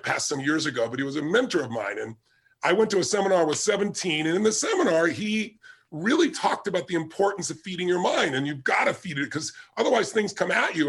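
A man's voice: on the high side, a bit bright. A man giving a motivational talk with personal stories, emphatic and driving, repeating his key points. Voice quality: gravelly, husky. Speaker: motivational speaker.

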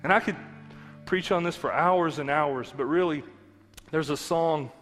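A man preaching in an earnest, conversational way, his voice sitting a bit high for a man. His words ring out with a long hall echo while soft music plays underneath. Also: measured pace. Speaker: pastor. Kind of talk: sermon. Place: church sanctuary.

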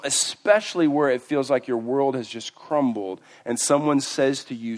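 A man preaching a sermon, his delivery moving between quiet, slowed passages and loud, emphatic bursts. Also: mid-range voice. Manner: swings from hushed and slow to loud and emphatic. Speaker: pastor.

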